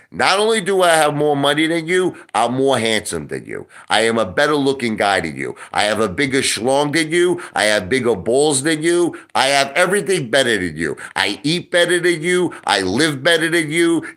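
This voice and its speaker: A man's voice: mid-range voice, fairly bright tone. A middle-aged man ranting on a livestream, boastful and mocking, with crude insults and repeated lines. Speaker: online video host.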